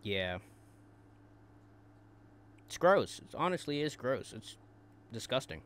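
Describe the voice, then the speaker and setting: Male commentary host, mocking and profane, mid-pitched everyday voice, stumbles over repeats. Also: big pitch swings, slow, fairly bright tone. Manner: taunting, crude, repeats words in bursts.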